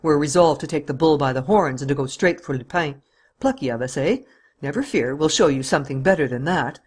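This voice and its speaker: A husky-voiced man playing a gloating police officer who growls threats slowly in an audiobook. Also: on the high side, lively intonation. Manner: slow, growling, triumphant.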